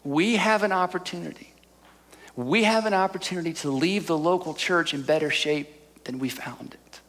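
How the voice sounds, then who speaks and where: Brief: middle-aged man preaching, bright and fairly high, earnest storyteller, choked with emotion. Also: moderate pace. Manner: earnest, storytelling, repeats "I'm telling you". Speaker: pastor. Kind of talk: sermon.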